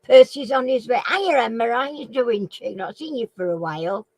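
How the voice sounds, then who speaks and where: A Northern English woman hosting a casual live-stream chat. She rambles along and keeps clearing a frog in her throat. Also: fairly high pitch, lively intonation, normal speed, darkish tone, no echo, poor audio. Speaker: live chat and quiz host.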